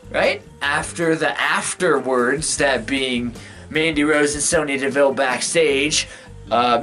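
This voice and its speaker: A man hosting a casual recap vlog, slangy and excitable, whose voice jumps up in pitch for emphasis. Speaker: video host.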